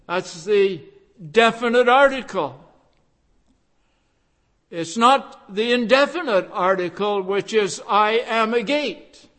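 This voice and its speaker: Brief: male preacher, high voice, unhurried sermon delivery, hammers key phrases. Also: fairly bright tone. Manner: emphatic, repeats key phrases with rising force.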